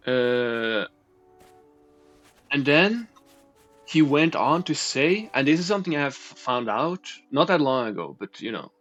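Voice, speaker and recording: A man's voice: mid-range voice, big pitch swings, measured pace, pauses often, a bit bright. A man telling a storytime rant in a rambling way, swearing and making indignant asides. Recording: dull recording with faint music.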